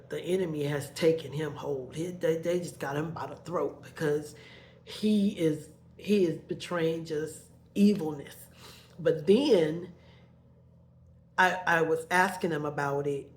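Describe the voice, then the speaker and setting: A middle-aged woman telling a painful personal story, halting and repeating her words as her emotions rise. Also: low voice.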